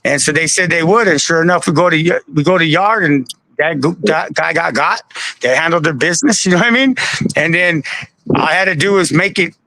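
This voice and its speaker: A man guest on a live stream, telling a story in an animated, slangy way with laughs. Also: a little high, fairly quick, vocal fry, no echo, rough recording. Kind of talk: casual storytelling. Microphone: live stream call.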